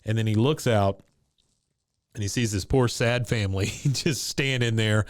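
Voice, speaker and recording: A man on a podcast walks through an episode's plot, scene by scene, in a relaxed, chatty way. His voice is smooth and clear. The sound is close and dry, with no room around it. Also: on the low side, a little slow, no echo. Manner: retells scenes, quoting characters' lines. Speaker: podcast co-host recapping an episode. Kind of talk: casual episode recap chat.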